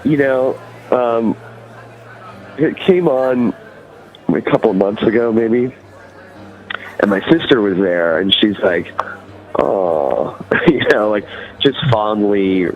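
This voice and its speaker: A man's voice: lowish voice, slow, pauses often, muffled recording, faint music behind. A man with a Californian accent, a musician guest chatting loosely in an interview, rambling and full of fillers. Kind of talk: casual interview chat.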